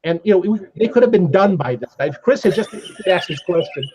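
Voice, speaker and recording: An older man, a podcast guest, telling stories in a relaxed, animated way, laughing now and then. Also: high voice, fairly quick, slightly rough. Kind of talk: casual storytelling. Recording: slightly dull lo-fi sound.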